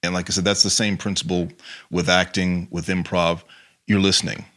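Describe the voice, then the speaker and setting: A man's voice: low voice, little pitch movement, normal speed, fairly bright tone. A man speaking as a guest on an interview, an acting and improv teacher talking casually with many "you know" fillers.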